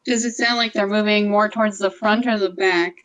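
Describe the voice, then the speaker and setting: A woman's voice: mid-range voice, steady tone, brisk, fairly bright tone, poor audio. A woman player in a tabletop game, asking careful questions about the scene. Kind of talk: casual tabletop play.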